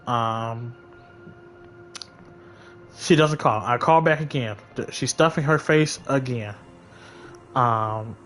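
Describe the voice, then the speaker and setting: A man's voice: mid-range voice, a bit bright. A man streaming a game, casually telling a story in a blunt, venting, profane way. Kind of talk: casual storytelling while gaming.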